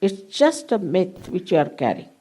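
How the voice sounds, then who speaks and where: An older woman leading a guided meditation at a public program, giving slow, deliberate instructions with long pauses. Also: lowish voice, big pitch swings, warm tone, a little hiss or hum, poor audio. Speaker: meditation teacher. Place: public hall.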